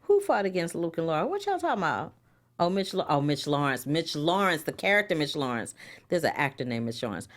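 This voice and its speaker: A woman with a low, full voice, co-hosting a relaxed chat show. She talks casually and reacts in an animated, expressive way, drawing out her exclamations. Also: fairly quick. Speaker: co-host.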